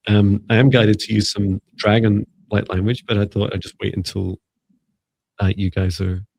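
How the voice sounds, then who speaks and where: A man leading a live spiritual energy healing, speaking in a soft, slow, meditative way with pauses. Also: on the low side, flat delivery, creaky, slight background noise. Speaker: psychic healer.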